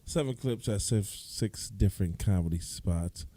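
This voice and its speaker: A man's voice: on the low side, measured pace, dark tone, slightly rough. A man rambling through a casual outro to his comedy video, with joking asides to himself. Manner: rambling, self-mocking asides.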